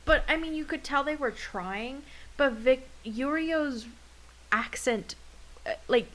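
A young woman co-hosting a casual podcast, talking in an animated way and swearing now and then. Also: takes it slowly, low-quality recording. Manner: animated, swearing, jumps pitch when excited. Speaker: podcast co-host.

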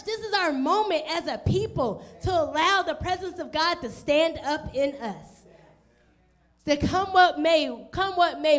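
A woman with a high voice preaches a sermon as pastor. She speaks straight to her listeners with questions. She brings the story to life by putting on the voices of its people. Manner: direct questions to the congregation.

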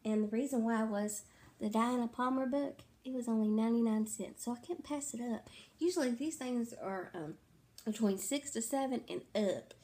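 A woman with a slightly higher voice chats casually about her reading. She sounds tired and rambles, backtracking and correcting herself with lots of fillers. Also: moderate pace, darkish tone. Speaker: book vlogger. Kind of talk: casual book chat to camera.

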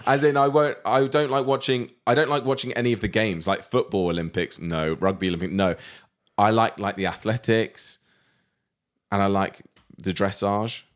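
A man with a Southern American accent co-hosting a podcast in casual chat, upbeat, opinionated and quick to laugh. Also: on the low side, steady tone. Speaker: podcast co-host.

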